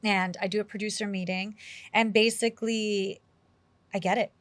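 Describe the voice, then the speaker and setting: An animated woman from New York City tells stories as an interview guest, acting out her own past lines and filling her talk with "like." Her voice sits at an ordinary middle pitch for a woman. It is recorded dry, with almost no room sound. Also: moderate pace, no room sound. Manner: animated, quotes herself often, heavy use of "like". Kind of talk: casual interview storytelling.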